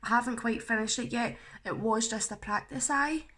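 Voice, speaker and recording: A woman's voice: fairly high pitch, normal speed, bright, forceful tone. A young woman chatting casually through a makeup tutorial, self-mocking and chatty, with the odd swear. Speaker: makeup vlogger.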